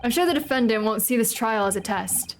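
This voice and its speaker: A woman voicing an earnest young female legal assistant in an attempted British accent, measured and sincere. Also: on the high side, soft background music, close to an everyday voice. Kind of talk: reading game dialogue aloud.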